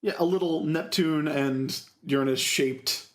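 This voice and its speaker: A man's voice: on the high side, unhurried. A man co-hosting a podcast in casual chat, gushing with enthusiasm. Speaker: podcast co-host.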